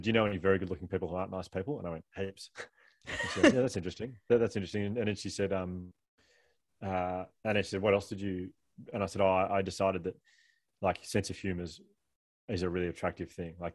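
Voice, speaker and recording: A fast, rambling man with a somewhat low voice, laughing at himself as he talks. The sound is dry and close, with no room echo. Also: steady tone, darkish tone. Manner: fast, rambling, self-deprecating, laughing often. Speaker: guest author. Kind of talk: candid conversational storytelling.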